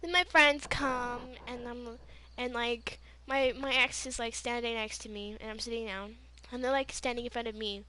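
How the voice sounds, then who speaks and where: A woman vlogger telling a personal story in a casual, rambling way, full of "you know" and "like" fillers, sometimes bursting into yelling. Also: fairly high pitch, moderate pace. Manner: excitable, bursts into yelling when retelling. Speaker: gaming vlogger.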